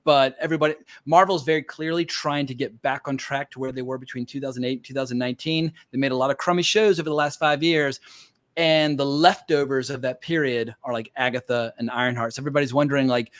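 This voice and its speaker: A man's voice: mid-range voice, a little fast, dry recording. A man hosting a casual podcast chat, opinionated and rambling, with plenty of fillers. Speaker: podcast host.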